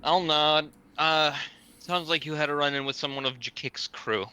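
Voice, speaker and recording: Very bright-voiced man playing a character. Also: fairly high pitch, steady tone, moderate pace, clean tone. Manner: matter-of-fact, describes his character's actions. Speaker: player. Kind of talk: tabletop game play, in and out of character.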